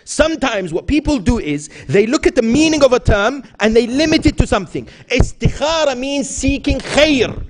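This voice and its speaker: A man's voice: very high voice, animated, fairly quick, hardly any pauses. A man giving a sermon as a sheikh, telling stories with voiced quotes and asking the audience rhetorical questions. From Iran. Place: mosque hall.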